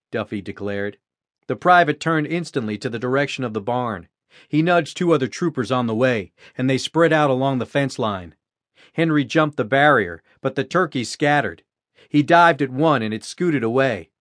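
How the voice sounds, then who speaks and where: A man narrating an audiobook in a steady, even reading style. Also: mid-range voice, moderate pace, no echo, clean studio sound. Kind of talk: scripted narration.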